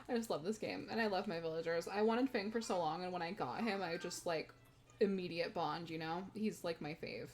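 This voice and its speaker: A woman's voice: lowish voice, moderate pace, a little mellow, slight background noise. Giggly young woman streamer. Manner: giggly, chatty, talks to chat. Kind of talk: casual gaming stream chat. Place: home room.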